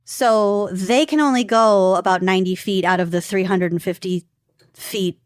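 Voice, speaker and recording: A woman co-hosting a podcast in casual chat, talking fast and loose with lots of "like" and frequent laughs. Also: mid-range voice, fairly even intonation, clear, resonant tone, dry recording, clean studio sound. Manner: chatty, laughs often, says "like" a lot. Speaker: podcast co-host.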